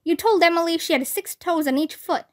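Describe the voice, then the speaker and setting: A woman's voice: very high voice, a little fast, pitched above the performer's own voice. A woman reading aloud voices a stern male ghost teacher who lists a boy's misdeeds. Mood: scolding.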